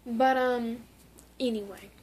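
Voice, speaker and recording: High-voiced rambling young woman vlogger. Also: fairly even intonation, takes it slowly, noisy background. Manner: rambling, full of "like" and restarts. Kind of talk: casual memorial vlog.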